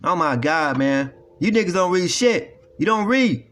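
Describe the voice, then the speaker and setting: High-voiced ranting man. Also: animated, measured pace, fairly bright tone. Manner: profane, repetitive, emphatic, lecturing. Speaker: online commentator. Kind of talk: ranting video commentary.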